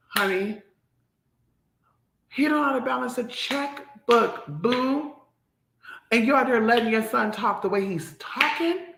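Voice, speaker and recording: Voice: mid-range voice, expressive, moderate pace, gravelly, echoey room, background noise. A vlogger ranting to the audience in a sassy, profane, emphatic way. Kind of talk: ranting commentary to camera.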